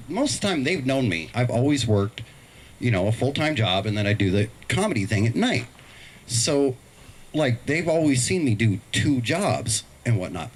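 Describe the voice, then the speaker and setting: Middle-aged male comic, lively pitch, spins family stories with put-on voices, faint hiss behind. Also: low-quality recording. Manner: animated storytelling, acts out voices. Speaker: stand-up comedian. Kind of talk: stand-up set on a live stream.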